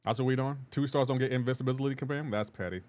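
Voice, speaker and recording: A man's voice: mid-range voice, racing, darkish tone. A man live streaming a game, chatting casually and answering viewers' messages while he plays. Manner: laid-back, reads chat messages aloud and answers them; rambling with frequent restarts and asides to gameplay. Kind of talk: casual gaming livestream chat.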